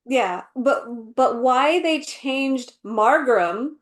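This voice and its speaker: A woman co-hosting a podcast in casual chat, animated and full of fillers, often acting out quotes. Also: high voice, drawn-out words. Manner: animated, acts out quotes in voices, many fillers. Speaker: podcast co-host.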